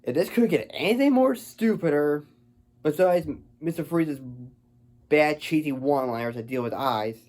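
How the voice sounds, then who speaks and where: Guy doing a casual movie review, rambly, trips over his words a lot, warm dark voice. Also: on the high side, normal speed. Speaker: film reviewer.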